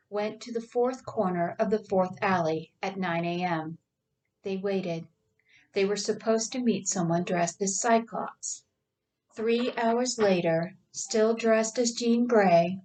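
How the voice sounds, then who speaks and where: A woman author reading her own novel aloud in a plain, unhurried way with small slips. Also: medium pitch, darkish tone, recorded from a distance, rough recording.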